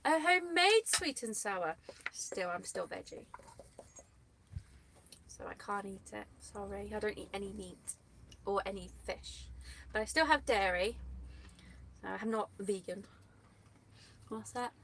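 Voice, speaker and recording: A woman's voice: mid-range voice, lively intonation, measured pace, pauses often, background noise. A woman co-hosting a casual live chat from England, laughing often and reading out viewers' comments.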